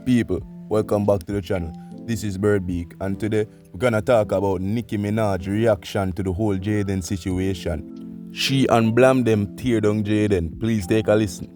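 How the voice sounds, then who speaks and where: A man's voice: lowish voice, steady tone, normal speed, a little mellow, soft background music. A man hosting a channel, introducing a clip in a plain announcing tone. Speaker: channel host.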